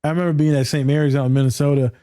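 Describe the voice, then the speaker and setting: A man in a casual podcast chat, an animated storyteller who swears casually, talking about his work as a therapist. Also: a little high, rapid-fire, smooth, no room sound, clean studio sound.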